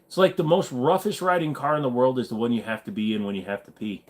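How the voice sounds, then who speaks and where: A man's voice: mid-range voice, fast. A man hosting a casual livestream, joking and rambling while answering chat. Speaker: livestream host.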